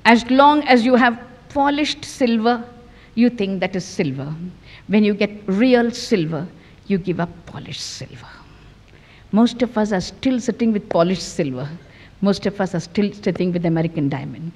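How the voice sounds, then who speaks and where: An older woman giving a devotional discourse, emphatic and given to repetition, sinking now and then to a hush. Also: mid-range voice, expressive, normal speed. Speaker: spiritual teacher giving a discourse. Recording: long hall reverb.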